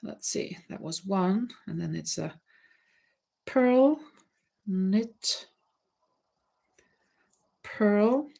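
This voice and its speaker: Knitting on a casual livestream, this woman chats directly to her viewers, rambling and hesitant, frequently starting her words over. Her mid-range voice is dark-toned with vocal fry and lively intonation. She speaks extremely slowly and pauses often.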